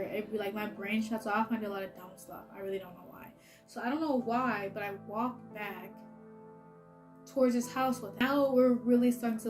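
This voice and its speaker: A young woman with a somewhat high voice recounts a story in casual storytime fashion. She rambles with plenty of filler words and ready laughs. Soft music plays faintly underneath. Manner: chatty, heavy use of filler "like", laughs often. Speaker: vlogger.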